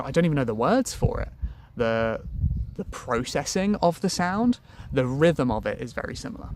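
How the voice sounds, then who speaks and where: A man giving sales-training advice to camera in a lively, colloquial, self-deprecating way. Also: mid-range voice, a little hiss or hum.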